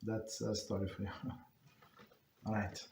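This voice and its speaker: A man telling a story to a religious study class and leading the session, speaking haltingly and often restarting or correcting himself. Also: fairly low pitch, flat delivery, vocal fry, darkish tone, slight background noise. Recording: roomy echo.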